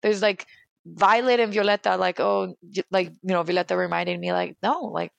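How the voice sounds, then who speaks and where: A young adult woman from California, a guest speaking candidly about her life in an animated, emphatic way, with plenty of "like". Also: fairly low pitch, moderate pace, gravelly, dry recording. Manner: animated and emphatic, heavy use of "like". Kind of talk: candid personal conversation.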